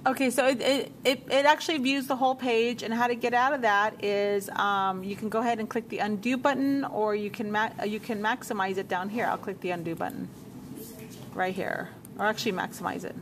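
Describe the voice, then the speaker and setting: Woman teaching a software lesson. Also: medium pitch, fairly even intonation, fairly quick, slight background noise. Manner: talks herself through steps, repeats menu names. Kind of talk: software tutorial walkthrough.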